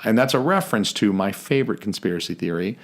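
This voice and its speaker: A man's voice: lowish voice, lively intonation, fast. A man co-hosting a casual podcast chat, joking and swearing as he tells stories. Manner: chatty, profane, jokey storyteller. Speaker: podcast co-host.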